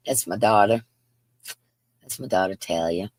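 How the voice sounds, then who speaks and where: A woman's voice: extremely low pitch, a little fast, long pauses, husky, no room sound. A middle-aged woman hosting a crochet livestream from her yarn room at home, chatting casually and greeting viewers by name with bubbly, swooping call-outs, picked up by her computer's built-in mic. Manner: bubbly, calls out names with big upward swoops. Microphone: computer's built-in microphone.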